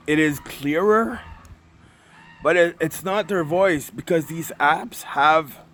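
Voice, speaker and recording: Man, rambling casual monologue, a bit high-pitched. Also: fairly bright tone. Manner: rambling, repeats himself, emotional storytelling. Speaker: spirit communication vlogger.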